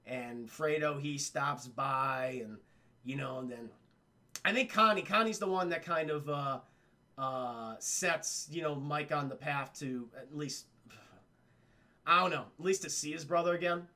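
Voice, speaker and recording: A man's voice: a little high, unhurried, bright, forceful tone. A man streaming a casual film review, chatty and profane, retelling scenes and talking to his chat.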